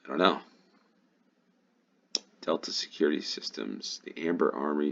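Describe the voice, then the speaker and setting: A man's voice: extremely low pitch, unhurried, gravelly, pauses often, highs cut off. An American man giving casual play-along commentary on a game, musing aloud and thinking to himself. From United States. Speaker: gaming YouTuber.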